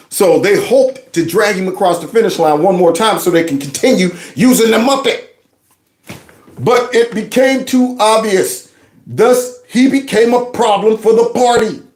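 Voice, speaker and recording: Male reaction host; mocking and animated, high and lively delivery in a roomy space. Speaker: commentary host.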